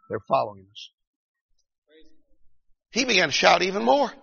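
A middle-aged preacher whose high, gravelly voice cuts through with a bright, husky edge. He swings from shouted peaks to hushed storytelling. The sound is dull and carries a long reverb from a large church hall. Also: big pitch swings, normal speed, long pauses. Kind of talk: revival sermon.

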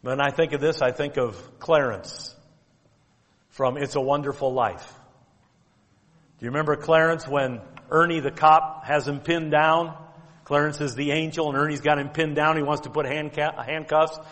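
A pastor delivering a sermon, earnest, working through numbered points and quoting scripture in old-fashioned wording. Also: male voice, fairly high pitch, fairly even intonation, normal speed, a bit bright. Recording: long reverb of a large hall.

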